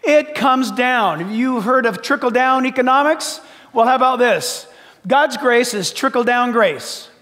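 Emphatic high-voiced preacher man in a reverberant hall. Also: a little slow. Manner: emphatic, shouting at times, then dropping to soft asides. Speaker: pastor. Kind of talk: sermon.

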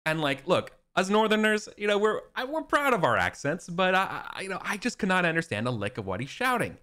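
A man's voice: high-pitched, sing-song, fairly quick, bright, forceful tone, pitched above the performer's own voice, exaggerated voice. A man voicing a cheery, boastful young knight telling a rambling war story in a tabletop game. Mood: chipper. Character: chipper boastful young male knight Gawain. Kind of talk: tabletop game role-play.

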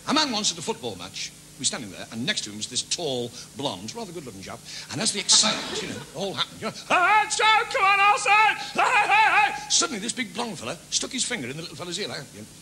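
A Liverpool comedian doing stand-up, firing off one gag after another in a high, lively voice. The recording is noisy. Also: male voice. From England. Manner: quick gag delivery with sudden shouted character voices. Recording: noisy stage recording with laughter.

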